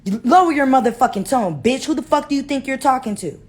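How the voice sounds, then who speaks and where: A woman voicing a brash, confrontational neighbor woman who curses in a tough, drawn-out way. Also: high-pitched, lively intonation, pitched above the performer's own voice. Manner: cursing, tough, dragged-out.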